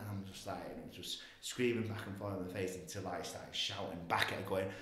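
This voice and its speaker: A man's voice: on the low side, fast talker, hardly any pauses. A man telling a personal story in casual talk, acting out voices and swearing freely. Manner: animated, swearing, acts out voices. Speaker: guest. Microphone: podcast mic. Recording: echoey room.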